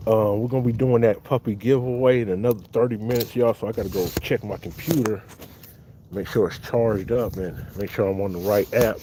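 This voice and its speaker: Outdoors in the cold next to big dogs, a dog breeder from California with a low voice hosts a relaxed livestream chat on a phone set up right there, and the audio is noisy. He's laid-back, repeatedly calling viewers y'all and thanking chatters.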